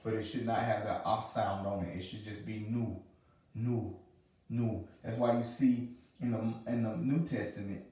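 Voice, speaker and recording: A man teaching pronunciation, repeating each sound slowly and patiently. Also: lowish voice, fairly even intonation, mellow. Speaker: religious language teacher. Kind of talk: teaching a lesson. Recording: roomy sound from a distant mic.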